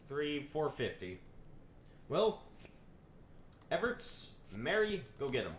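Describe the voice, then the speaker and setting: A man's voice: a little high, takes it slowly, pauses often, slight background noise. A man casually commentating a game as he plays, reading the game text aloud and joking about it. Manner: animated, reads game text aloud and jokes. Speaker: streamer.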